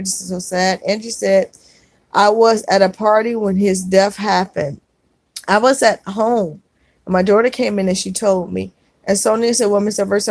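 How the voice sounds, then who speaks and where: A woman's voice: medium pitch, gravelly, darkish tone, no echo. A middle-aged woman hosting a casual livestream, reading viewer comments aloud and answering with earnest comfort, often saying "y'all.".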